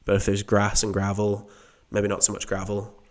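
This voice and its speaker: A man from the UK talks in a relaxed podcast chat, circling around his point before landing on it. His voice sits on the low side and stays level, with little rise and fall. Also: normal speed. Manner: meandering, thinks aloud while answering. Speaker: podcast co-host. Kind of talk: casual chat.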